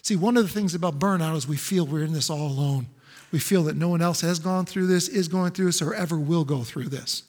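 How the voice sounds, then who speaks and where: A man's voice: a little high, fairly quick, a little mellow. A male pastor preaching a sermon in an emphatic, repetitive way, full of rhetorical questions. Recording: echoey hall with long reverb.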